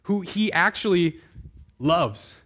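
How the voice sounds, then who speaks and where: A man's voice: sits high, lively intonation, slow, fairly bright tone. A man preaching a sermon as pastor, talking conversationally and speaking directly to the congregation. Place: church before a live congregation.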